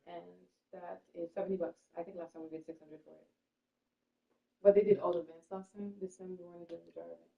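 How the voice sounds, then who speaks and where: Quick creaky woman, lo-fi sound. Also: on the low side, little pitch movement, warm tone. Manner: hesitant, explaining. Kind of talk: casual home chat. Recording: dull lo-fi recording.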